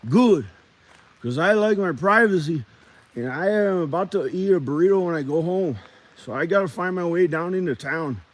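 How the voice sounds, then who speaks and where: A man's voice: sits high, animated, moderate pace. A man voicing a rambling stranger in the woods, with a put-on Mexican American accent and street slang. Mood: guarded. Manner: street slang, calls listener "Holmes". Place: woods outdoors.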